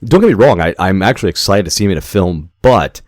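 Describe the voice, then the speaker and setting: A man's voice: deep voice, lively intonation, fast, a little mellow, dry recording, clean studio sound. A man co-hosting a movie podcast, chatting casually in a rambling, profane way with many restarts. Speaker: podcast co-host. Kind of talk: casual chat.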